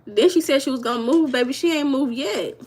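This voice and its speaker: A woman's voice: high-pitched, brisk, darkish tone, slightly rough. A woman hosting a casual livestream, chatting and gossiping with her viewers and reading their comments aloud. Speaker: livestream host.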